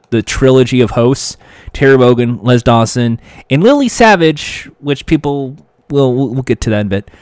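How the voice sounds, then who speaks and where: A man in casual, enthusiastic chat who wanders off on tangents and restarts his sentences. His voice sits at an ordinary middle pitch, recorded close and dry. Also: a little mellow, no echo. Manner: enthusiastic, digressive, many fillers and restarts.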